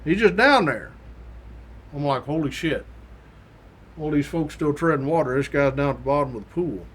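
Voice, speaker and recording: Male host, a touch high-pitched, spinning a folksy yarn with acted-out quotes. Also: expressive, a little fast, fairly bright tone, husky. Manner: folksy and colloquial, with mild swearing; acts out the quoted voices of others. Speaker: host recounting his academy days. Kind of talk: casual spoken storytelling.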